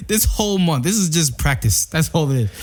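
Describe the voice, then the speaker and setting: A man co-hosting a podcast, joking and reacting in quick casual banter. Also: a little high, animated. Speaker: podcast co-host. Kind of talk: casual chat.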